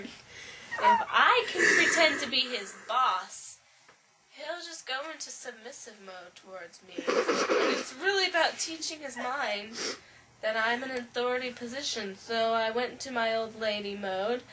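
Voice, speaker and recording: A woman's voice: a little high, expressive, unhurried. A woman speaking in a smug, matter-of-fact way, answering an interviewer and sometimes drawing her words out. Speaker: comedic confessional speaker. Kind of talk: deadpan mock interview. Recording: faint background noise.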